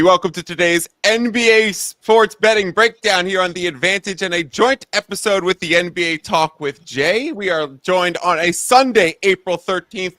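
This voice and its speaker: A man hosting a sports betting talk show, giving an energetic rundown of the day's games. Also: high voice, dry recording, studio quality. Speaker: host.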